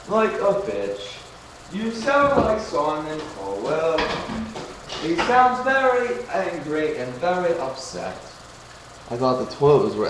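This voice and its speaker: A young man chatting live on his webcam from his home kitchen, joking crudely and drifting from topic to topic. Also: medium pitch. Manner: joking, crude, easily distracted. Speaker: webcam streamer chatting with viewers. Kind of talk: casual rambling live chat. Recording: roomy home room with noisy background.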